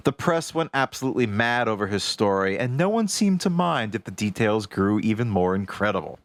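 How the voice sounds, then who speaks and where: Lively wry male podcast host. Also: medium pitch, fairly quick, few pauses, dry recording. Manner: wry, animated storytelling. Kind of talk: reading notes in casual chat.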